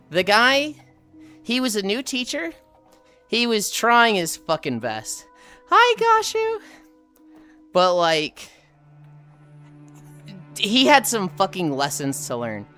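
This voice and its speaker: A woman streamer telling rambling stories from her school days in casual, profane chat while greeting viewers. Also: on the low side. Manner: profane, rambling, animated retelling.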